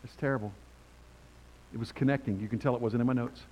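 An older man preaching a sermon in a conversational, animated way, reading scripture and acting out quotes. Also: mid-range voice, quick pace, a little hiss or hum, low-quality recording.

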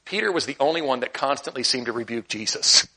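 A man's voice: medium pitch, fast talker, breathy edge. A man preaching a sermon, reading scripture and joking with laughing asides. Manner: humorous, animated, laughing asides. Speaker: pastor.

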